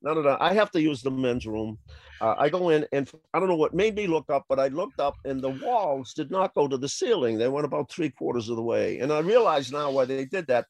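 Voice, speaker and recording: A man, a salesman telling a funny story in an animated way, laughing as he goes and acting out other people's voices. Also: mid-range voice, no echo. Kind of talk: anecdotal storytelling.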